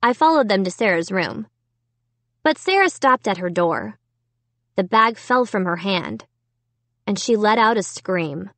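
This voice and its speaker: A woman's voice: medium pitch, animated, measured pace, long pauses, a bit bright, dry recording. A woman giving a scripted first-person audiobook narration.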